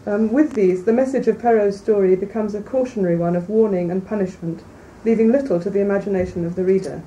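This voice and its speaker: A woman reading a classic fairy tale aloud in a measured, clear way, then commenting on it as a lecturer. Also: mid-range voice, warm tone. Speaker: reader and lecturer. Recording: distant mic, faint background noise.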